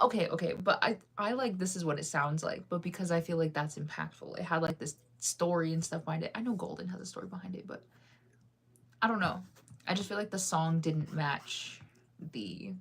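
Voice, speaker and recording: A young woman with a slightly low voice chats with viewers while she reads comments. She keeps it loose and talkative and laughs often. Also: lively intonation, moderate pace, fairly bright tone, slightly rough. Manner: chatty, laughs often, sings snippets off-key. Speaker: livestreamer reading comments. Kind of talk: casual chat with viewers.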